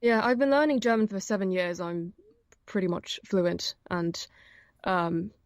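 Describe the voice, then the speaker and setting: A woman's voice: medium pitch, fairly even intonation, measured pace, dry recording, studio quality. A young woman, an audiobook narrator, chatting casually as an interview guest, with many fillers and frequent laughs. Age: young adult.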